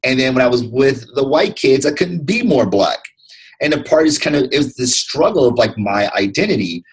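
A man's voice: medium pitch, sing-song, normal speed, husky, poor audio. A man from Detroit, a podcast guest, talking earnestly and reflectively about his path, often restarting his words. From Detroit, USA. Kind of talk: candid interview conversation.

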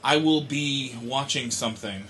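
A man chatting on a podcast who rambles, restarts his sentences, and slips in dry jokes. His voice is of middling pitch for a man. Faint noise sits behind him. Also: unhurried, fairly bright tone. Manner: rambling, self-correcting, dry joking. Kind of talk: casual chat.

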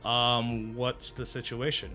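A man narrating a tabletop game as game master in a casual, halting way. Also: mid-range voice, flat delivery, sharp tone, soft background music.

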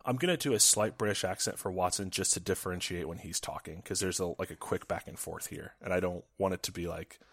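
A man's voice: deep voice, fast, hardly any pauses, a bit bright, husky, no room sound. A man as a podcast guest, chatting casually and rambling. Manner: rambling, many fillers and restarts. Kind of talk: casual chat.

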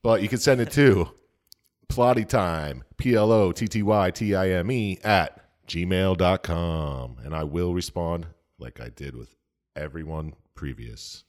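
A man's voice: low-pitched, a little slow. A young man co-hosting a casual podcast, joking, swearing freely and laughing a lot. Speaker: podcast co-host.

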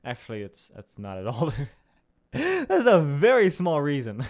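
Speaking slowly with frequent pauses, this young podcast host from Southern Illinois has a slightly high, somewhat mellow voice whose pitch swoops wildly. He rambles casually through a self-mocking monologue, swearing and using lots of fillers.

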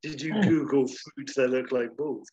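A man with a voice of middling pitch chimes in with short, amused remarks while his co-host talks. The recording sounds muffled and lo-fi. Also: steady tone, measured pace, darkish tone. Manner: brief amused interjections. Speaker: podcast co-host. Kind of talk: casual chat. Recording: dull lo-fi sound.

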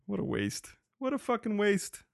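A man's voice: high-pitched, huge pitch swings, moderate pace, gravelly, no room sound, clean studio sound. A young man hosting a casual solo podcast, rambling with lots of swearing and laughing. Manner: profane, rambling, laughs often. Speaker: podcast host.

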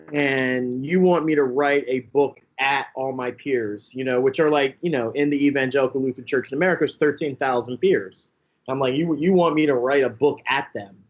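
A young man speaks as an interview guest, with a slightly husky tone. He tells his story in a loose, animated way, full of "like" and "you know", and he mimics other people's voices. The recording sounds dull and lo-fi. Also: a little high, normal speed. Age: young adult. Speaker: pastor and author, interview guest. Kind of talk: casual interview talk.

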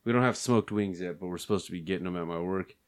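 A young man chatting casually with friends, loud, crude and laughing often. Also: sits low, fast talker. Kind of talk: casual profane chat.

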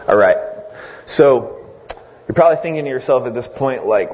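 A man's voice: mid-range voice, moderate pace, long pauses, slight background noise. Man preaching casually in an echoey hall. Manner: conversational, animated retelling with voiced asides. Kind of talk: casual sermon. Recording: dull, echoey hall sound.

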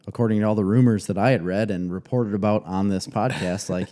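A man's voice: on the low side, a little fast, warm tone. A man co-hosting a podcast, chatting casually and teasing his partner with jokes. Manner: joking, teasing banter. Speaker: podcast co-host. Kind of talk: casual chat.

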